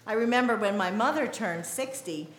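A middle-aged American woman pastor preaching a sermon in a measured, deliberate way. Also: medium pitch, expressive, roomy sound. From United States.

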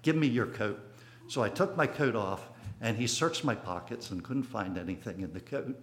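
A man's voice: on the low side, animated, moderate pace, fairly bright tone. Reflective older man preaching. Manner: reflective, storytelling with dynamic emphasis. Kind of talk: sermon with personal story.

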